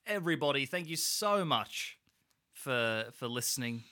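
Excitable man with a lively, bright voice. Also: mid-range voice, a little slow. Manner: excitable, chatty, prone to exclamations. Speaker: podcast co-host. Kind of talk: casual podcast chat.

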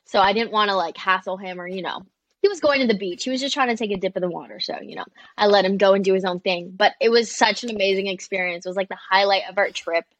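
Brief: young woman, animated storyteller, dry close sound, mid pitch. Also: fast talker, no echo. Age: young adult. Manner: chatty and animated, many "like"s, quoting people. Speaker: guest, social media creator. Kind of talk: casual storytelling in an interview.

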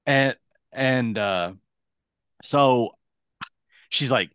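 A man's voice: medium pitch, normal speed, dry recording, studio quality. A man in his late thirties telling a long story on a podcast, acting out what everyone said. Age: late 30s. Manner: animated, acts out quoted dialogue. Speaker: podcast host. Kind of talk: casual storytelling.

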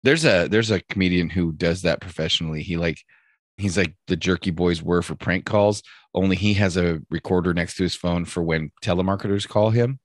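A man co-hosting a podcast, telling stories in crude, animated casual chat. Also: low voice, fairly quick, no room sound, studio quality.

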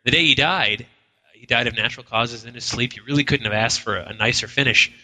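A man's voice: mid-range voice, brisk, bright, forceful tone, big-room sound, low-quality recording. A man co-hosting a live paranormal radio show, telling stories with acted-out quotes and lots of restarts. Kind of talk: casual on-air chat. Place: inn function room at a live broadcast.

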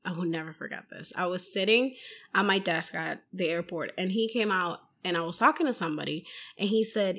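A woman in casual podcast chat, loud and bubbly, telling animated stories with swearing and quoted voices. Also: fairly low pitch, normal speed. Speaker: podcast guest.

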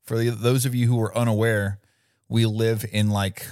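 A man's voice: lowish voice, flat delivery, normal speed, a little mellow, no echo. A man co-hosting a podcast, making dry jokes in casual chat before laying out his own topic. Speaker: podcast co-host.

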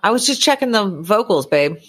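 A woman co-hosting a podcast, bantering casually and teasing her husband, with a breathy voice and frequent laughs. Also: mid-range voice, big pitch swings, fairly quick, fairly bright tone. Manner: teasing, playful, laughs often. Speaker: podcast co-host.

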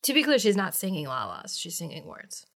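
A woman's voice: lowish voice, wildly swooping pitch, a little fast, fairly bright tone. A woman co-hosting a podcast, casually chatting about a TV episode and adding details and asides. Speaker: podcast co-host. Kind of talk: casual chat recapping a TV episode.

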